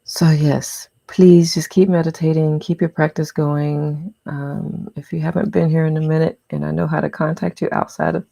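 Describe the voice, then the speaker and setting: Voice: medium pitch, flat delivery, moderate pace, creaky, hardly any pauses, dark tone, no echo. A meditation host talking casually to a livestream audience in an encouraging, chatty way.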